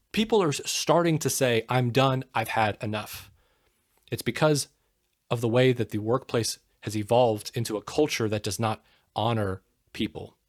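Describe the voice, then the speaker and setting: A man's voice: medium pitch, dry recording, clean studio sound. A man talking as a podcast guest, earnest and emphatic, often asking rhetorical questions. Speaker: podcast guest, book co-author. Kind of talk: casual interview talk.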